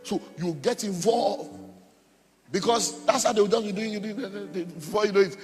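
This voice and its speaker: A middle-aged man preaching a sermon as pastor, emphatic and repetitive with sudden loud outbursts. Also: high voice, normal speed. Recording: long hall reverb with faint music.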